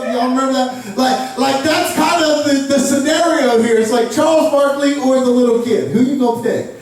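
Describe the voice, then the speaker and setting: A man preaches a casual, storytelling sermon, bursting into acted voices now and then. His voice sits high for a man. He is heard from well off the mic in a strongly echoing church room with faint noise underneath. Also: moderate pace, distant mic. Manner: storytelling, acts out voices with rising excitement. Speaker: pastor. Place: church sanctuary.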